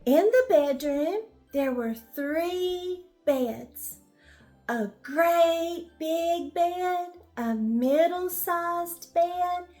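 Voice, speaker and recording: An older woman reading a children's bedtime story, gently asking the listening children questions as she goes. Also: extremely high pitch.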